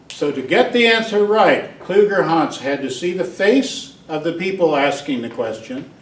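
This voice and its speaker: A man giving a university psychology lecture, digressive and joking, acting out examples with barks and little voices. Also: a little high. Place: lecture hall. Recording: echoey lecture hall from a distance, faint noise.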